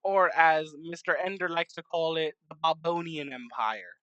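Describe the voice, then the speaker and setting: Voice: medium pitch, expressive, moderate pace, fairly bright tone, clean tone, dry recording, dull audio. Rambling casual map-series narrator, dry sound. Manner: rambling, many fillers and self-corrections, joking asides. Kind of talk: casual game commentary.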